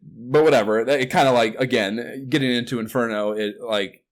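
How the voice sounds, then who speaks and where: A man in casual podcast chat, rambling through his thoughts with lots of fillers and swearing. He jumps up into loud, incredulous bursts and then drops back to a low mutter. His voice sits at an ordinary middle pitch. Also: normal speed. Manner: rambling, swears often, animated outbursts of disbelief. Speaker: podcast co-host.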